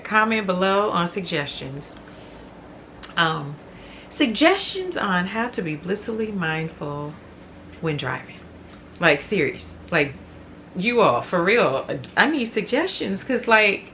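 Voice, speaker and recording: A woman vlogger chatting casually at home, animated and laughing often, rising to loud exasperation. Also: fairly low pitch, a little hiss or hum. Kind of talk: casual chat to camera.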